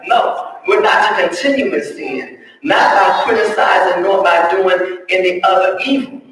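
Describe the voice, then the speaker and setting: A woman pastor preaching a sermon in a conversational way, now and then breaking into loud, emphatic lines. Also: medium pitch, unhurried. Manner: conversational preaching, acts out prayers. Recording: echoey hall, voice far from mic.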